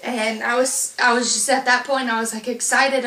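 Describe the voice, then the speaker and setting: A woman's voice: on the high side, steady tone, normal speed, bright, forceful tone, reverberant, far from the mic. A young woman casually telling a long personal story, rambling with lots of fillers and restarts. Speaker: vlogger telling her birth story.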